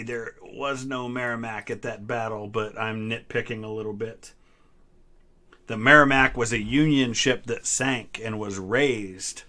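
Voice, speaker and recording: Bright-voiced man hosting a trivia stream. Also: medium pitch. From Ohio, US Midwest. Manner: relaxed, answers chat questions with small hesitations. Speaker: history channel host. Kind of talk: casual live-stream trivia chat.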